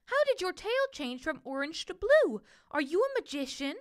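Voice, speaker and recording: A woman's voice: very high-pitched, big pitch swings, moderate pace, voice pushed up. A woman voicing a curious little female red bird who asks chirpy, wondering questions. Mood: enchanted.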